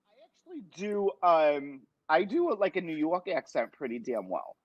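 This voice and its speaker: A man's voice: on the high side, sing-song, moderate pace, dull audio, a loud crowd. A man with a nasal Chicago-area accent co-hosting a playful casual chat and often laughing. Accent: Chicago-area Midwest US. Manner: playful, laughs a lot, puts on voices. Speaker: podcast co-host.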